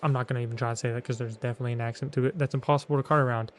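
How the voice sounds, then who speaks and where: A man's voice: mid-range voice, fairly even intonation, very fast, slight background noise. A man streaming a game, joking around in slangy, playful commentary. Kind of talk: gaming commentary.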